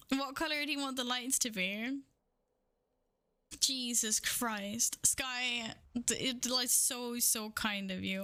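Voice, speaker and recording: A woman streamer talks into a studio microphone with a high, bright, sharp-edged voice. She drags her words out slowly, shaking with excitement as she swears and gushes thanks. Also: vocal fry, no room sound. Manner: stunned, gushing thanks with frequent swearing and laughter. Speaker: livestreamer. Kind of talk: casual stream chat. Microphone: studio microphone with windscreen.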